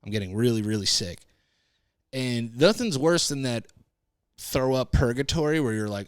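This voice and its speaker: A man's voice: mid-range voice, lively intonation, moderate pace, no echo, clean studio sound. A man hosting a podcast, telling a casual rambling story and cursing freely. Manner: rambling, swears freely, laid-back storytelling. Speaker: podcast host. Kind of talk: casual monologue.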